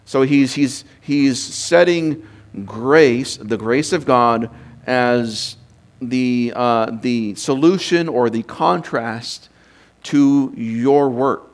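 A man's voice: medium pitch, drawn-out words. A man teaching from scripture in an unscripted sermon, thinking aloud and posing rhetorical questions to his listeners. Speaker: preacher teaching doctrine.

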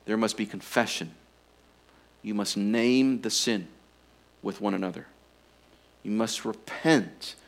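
A man's voice: lowish voice, slow, vocal fry, pauses often. Earnest male preacher mid-sermon. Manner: earnest, urging, drops to quiet intensity on key points. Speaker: pastor.

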